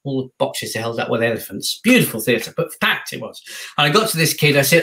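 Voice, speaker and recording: A man telling a show anecdote as a guest, animated and acting out the voices he quotes. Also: mid-range voice, a little fast. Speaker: guest actor. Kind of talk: casual anecdote.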